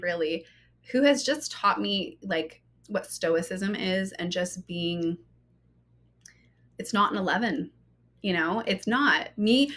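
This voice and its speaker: Bright-voiced chatty woman podcast host. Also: medium pitch. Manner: animated and chatty, many "like" and "you know" asides. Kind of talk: casual storytelling monologue.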